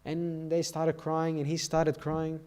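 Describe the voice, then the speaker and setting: A man's voice: fairly high pitch, monotone, takes it slowly, darkish tone, smooth. A man giving a sermon to a youth meeting in a church, telling stories and often checking in with "okay?" and "all right?".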